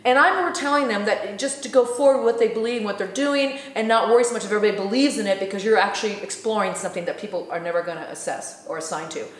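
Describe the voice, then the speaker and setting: A woman hosting a casual spiritual talk, animated and laughing often as she acts out what others said. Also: mid-range voice, very fast, few pauses, roomy sound. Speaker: host.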